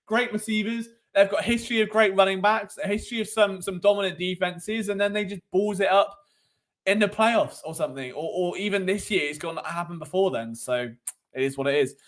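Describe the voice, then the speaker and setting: A man's voice: sits high, fairly quick, fairly bright tone. A young British man hosting a sports live stream, chatting in a cheeky, rambling, jokey way. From Britain. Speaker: sports show host.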